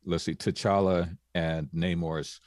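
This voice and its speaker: A man co-hosting a casual podcast, speaking in a measured, hesitant way with many fillers. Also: deep voice, fairly even intonation, darkish tone, no echo, studio quality. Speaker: podcast co-host. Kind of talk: casual chat.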